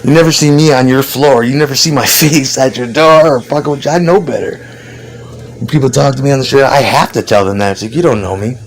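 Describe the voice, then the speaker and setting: Man, mid pitch, rambling profane monologue, laughs a lot, faint traffic hum behind. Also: fast talker, low-quality recording. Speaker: vlogger.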